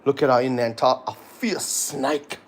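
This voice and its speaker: A man running a casual livestream from his reptile room, excitable and jokey, full of slang. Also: mid-range voice, unhurried, echoey room, low-quality recording. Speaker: reptile park owner and streamer.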